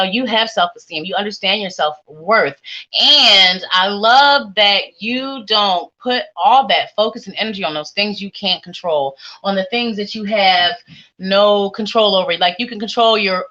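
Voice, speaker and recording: Bright-voiced chatty woman reading tarot. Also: mid-range voice. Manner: warm chatty, sing-songy, playful asides. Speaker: psychic tarot reader. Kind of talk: live-streamed reading for viewers. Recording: lo-fi stream audio.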